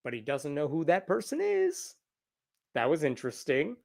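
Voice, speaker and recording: A man's voice: on the high side, huge pitch swings, moderate pace, vocal fry, a little mellow. A man hosting a live news roundup stream, talking with a sarcastic, incredulous manner. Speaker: host.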